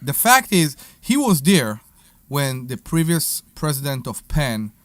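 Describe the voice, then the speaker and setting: A man co-hosting a casual radio talk show, excitable and playful, hesitating as he talks. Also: on the high side, unhurried, dry recording.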